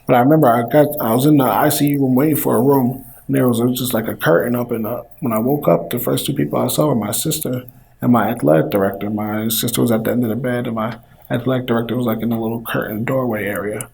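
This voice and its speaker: A young man casually telling a personal story, relaxed and conversational. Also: mid-range voice, fast, gravelly, poor audio. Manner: relaxed, conversational retelling with quoted dialogue. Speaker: former football player telling his story.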